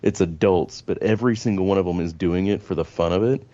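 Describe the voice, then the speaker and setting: A man's voice: deep voice, fast, dark tone, no echo. A man in casual podcast chat, laid-back and explaining at length. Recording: dull lo-fi podcast audio.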